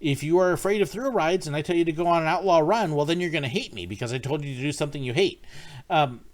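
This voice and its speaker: A man with a slightly higher voice than most, chatting casually on a home livestream. He rambles in a friendly way, greets viewers by name and fills his pauses with ums and restarts. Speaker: livestream host answering viewer questions. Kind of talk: casual live-stream chat.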